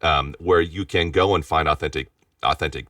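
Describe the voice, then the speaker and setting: A man's voice: rumbling low, fairly even intonation, a bit bright, no echo. A man, a voice actor and studio owner, speaking as a guest in a casual interview and often restarting his sentences. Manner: rapid talker with frequent restarts and repeated words. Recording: distant mic, dry sound.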